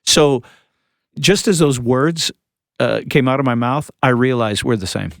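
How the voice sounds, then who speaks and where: A man's voice: medium pitch, a little slow, creaky, no room sound, clean studio sound. A man co-hosting a church podcast, chatting casually about scripture and acting out quotes with jokes. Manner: lively and joking, acts out quotes. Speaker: podcast co-host, church leader.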